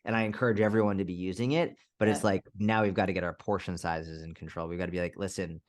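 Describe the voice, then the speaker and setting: A low-pitched man in his thirties speaking as a fitness coach on a podcast. He tells stories with animation and swears freely, loose and conversational throughout. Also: fairly even intonation, quick pace.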